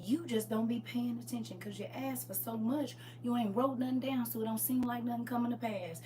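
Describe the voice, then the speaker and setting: A woman pastor talking casually on a live stream about faith, swinging from loud exclamations to hushed asides. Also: a little high, brisk, few pauses, distant mic, a little hiss or hum.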